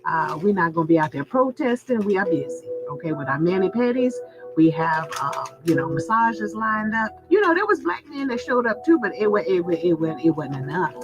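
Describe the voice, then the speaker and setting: A woman's voice: lowish voice, big pitch swings, a little fast. A woman vlogger venting to her viewers in a sassy, candid monologue, laughing as she talks. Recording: muffled lo-fi sound with loud music. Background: background music.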